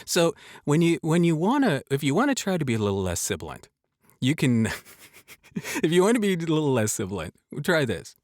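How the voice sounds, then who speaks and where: A man's voice: a little high, huge pitch swings, moderate pace, darkish tone, no room sound, clean studio sound. A man hosting a casual voice tutorial, joking around and demonstrating sounds aloud as he explains. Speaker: voice-over coach and show host.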